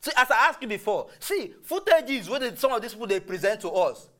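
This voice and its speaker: A man's voice: very high-pitched, big pitch swings, brisk, sharp tone. A Nigerian man co-hosting a talk show, arguing in Pidgin and pressing his points over his partner. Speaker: TV show co-host. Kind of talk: heated debate in Nigerian Pidgin.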